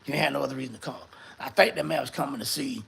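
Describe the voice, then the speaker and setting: A man, telling a story in a casual, animated and profane way and acting out the other people in it. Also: mid-range voice, very fast, vocal fry, slightly rough.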